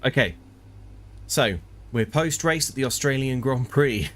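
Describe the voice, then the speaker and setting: A man's voice: medium pitch, lively intonation, moderate pace, slight background noise. Jokey man live-streaming a game. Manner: jokey, mock-grandiose. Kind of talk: casual live stream commentary.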